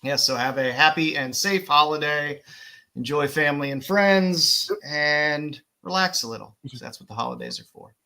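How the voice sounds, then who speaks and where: A man's voice: a little high, sing-song, normal speed, pushed and bright. A man hosting a casual podcast, plugging projects and thanking his guest in an easygoing way. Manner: easygoing, wraps up the show with plugs and thanks. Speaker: podcast host. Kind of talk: casual chat.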